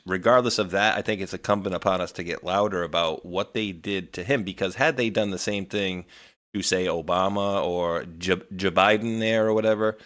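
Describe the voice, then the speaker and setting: A man's voice: low voice, fairly bright tone. A man co-hosting a live weekly talk show, rambling indignantly through casual political chat. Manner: rambling, with many restarts and asides.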